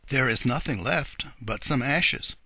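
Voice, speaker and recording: A man voicing kindly old Mother Goose, who speaks gently and matter-of-factly. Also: medium pitch, unhurried, slightly rough, no echo, heavily acted. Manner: gentle, matter-of-fact storyteller's tone.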